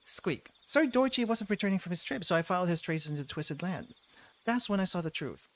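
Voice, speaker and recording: A man voicing a remorseful male mouse count, reading game dialogue in a stiff, formal way, breaking into little squeaks. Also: expressive, brisk. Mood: solemn. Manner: stiff old-fashioned formal speech punctuated by squeaks.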